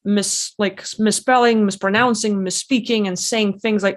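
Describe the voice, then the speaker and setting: A woman's voice: mid-range voice, steady tone, normal speed, hardly any pauses. A woman hosting a reaction video, talking in a rambling, casual way full of fillers and restarts. English is not her first language. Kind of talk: casual commentary.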